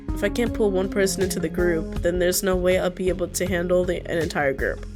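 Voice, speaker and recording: A woman's voice: fairly low pitch, fairly even intonation, brisk, music in the background. A woman playing a dating sim, reading the lines aloud and adding snarky asides. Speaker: gaming video host.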